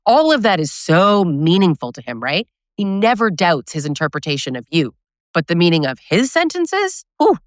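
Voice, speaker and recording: Recorded at studio quality without echo, this lowish female voice belongs to an abusive-relationship educator addressing viewers head-on. Her delivery is direct and coaching, stressing points and repeatedly adding "right?".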